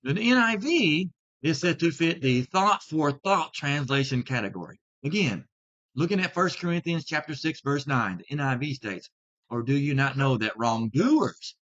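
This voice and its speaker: A man teaching about Bible translations in a video talk, speaking deliberately and stressing key words. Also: a little high, very animated, a bit bright. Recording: slightly dull lo-fi sound.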